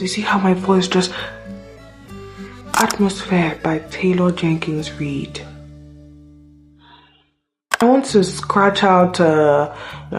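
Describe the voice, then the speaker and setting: A woman in her twenties from Nigeria, chatting casually and self-mockingly about books on her vlog, easily sidetracked. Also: on the low side. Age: 20s. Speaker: booktuber.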